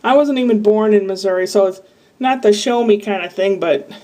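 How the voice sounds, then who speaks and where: Her voice warm and medium in pitch, this vlogger from Iowa speaks fairly quickly to the camera. The casual monologue is candid and diary-like, full of asides and rambling, and recorded a little far from the mic.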